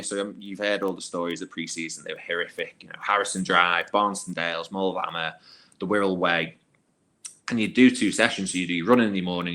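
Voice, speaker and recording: A man, a former youth footballer, telling anecdotes as a podcast guest in a casual, animated way with plenty of fillers. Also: low voice. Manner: animated, acts out quoted voices, filler-heavy.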